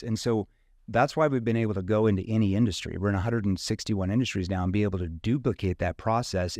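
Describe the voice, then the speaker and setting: A man's voice: fairly low pitch, a little mellow, no room sound, clean studio sound. A man from rural Missouri, a sales trainer talking casually in an interview and acting out questions in different tones.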